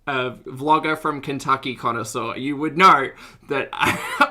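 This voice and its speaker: A young woman reacting to videos on stream talks casually to her chat, frequently giggling and abandoning sentences to restart. She speaks slowly in a rumbling low, sharp-toned voice.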